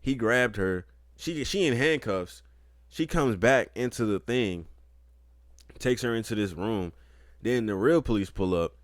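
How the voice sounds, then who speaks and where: A man's voice: fairly low pitch, animated, a little slow, dry recording, studio quality. A young man co-hosting a podcast, telling rambling, profane anecdotes in a laid-back casual chat. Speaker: podcast co-host.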